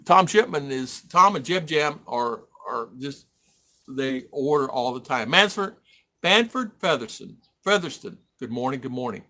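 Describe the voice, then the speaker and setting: Rambling middle-aged American livestream host. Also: male voice, mid-range voice, animated, a little slow, pushed and bright. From United States. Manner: rambling, reads viewer comments aloud. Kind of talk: casual live-stream chat.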